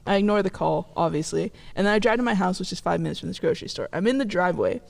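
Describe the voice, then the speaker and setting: A woman's voice: fairly low pitch, expressive, very fast, creaky, a little mellow. A woman in her twenties from California, co-hosting a podcast and telling a story in a chatty way, often laughing. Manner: chatty, laughing, acts out quoted voices. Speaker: podcast co-host. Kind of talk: casual storytelling chat.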